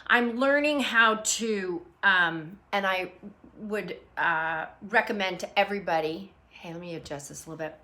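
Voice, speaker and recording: A woman's voice: mid-range voice, measured pace, pushed and bright. A middle-aged woman hosting an unscripted livestream from her phone, rambling and greeting viewers by name as they join. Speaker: livestream host. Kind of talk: unscripted live chat.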